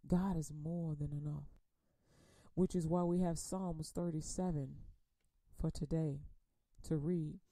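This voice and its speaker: A woman teaching a Bible study in a conversational preaching manner, repeating words and using folksy phrasing, then reading scripture slowly and with emphasis. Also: sits low, steady tone, dark tone, no echo. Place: radio program.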